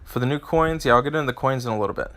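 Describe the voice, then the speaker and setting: A man's voice: medium pitch, very fast, a bit bright. A man hosting a live game stream, answering chat and reading out game stats in a rambling way, often restarting his phrases.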